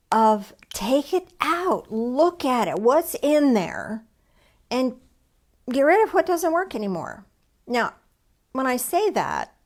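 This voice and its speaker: Higher-voiced woman preaching conversationally. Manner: asks herself questions and answers them aloud. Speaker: minister leading a service. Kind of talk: conversational online sermon.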